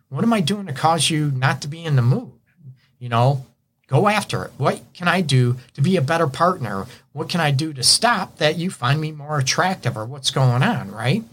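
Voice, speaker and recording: A man's voice: mid-range voice, a bit bright. Man hosting a relationship advice show. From Detroit area. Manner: conversational, repeats "right?" and "you know". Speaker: relationship counselor and show host. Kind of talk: radio advice monologue.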